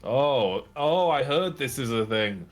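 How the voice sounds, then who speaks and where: A man voicing a boisterous, jolly male dwarf who greets old friends with loud, hearty warmth. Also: animated, slow, soft background music. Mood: jovial teasing. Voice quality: loud hearty voice, high put-on pitch.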